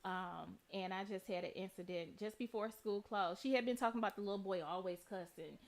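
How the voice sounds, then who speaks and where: A woman in her thirties co-hosting a radio talk show, telling a story with lively quoted voices. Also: mid-range voice, a little fast. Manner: animated retelling, voicing quoted people. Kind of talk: casual chat, storytelling.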